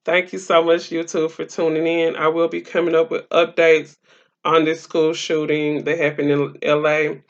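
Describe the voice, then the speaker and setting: A woman's voice: low-pitched, completely flat delivery, normal speed, muffled recording. A woman hosting her own live talk stream, chatting casually to viewers in a rambling way with many fillers. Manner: rambling, filler-heavy, talks straight to viewers.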